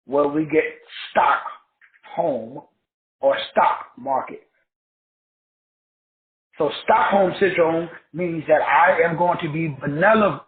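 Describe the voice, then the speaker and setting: A man teaching in a preachy style, spelling words out letter by letter and answering his own questions with emphatic repetition. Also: on the high side. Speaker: self-help teacher. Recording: tinny phone-like sound in an echoey room.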